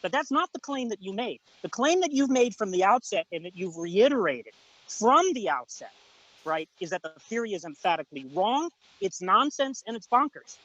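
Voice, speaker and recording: A high, animated male voice hammers the same question again and again, cutting in and lecturing without pause. His tone is bright and sharp. The sound is dry, with almost no room around it, as on a video call. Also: no room sound, rough recording. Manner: insistent, repetitive, interrupting, lecturing. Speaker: debater. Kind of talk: heated debate on an online call.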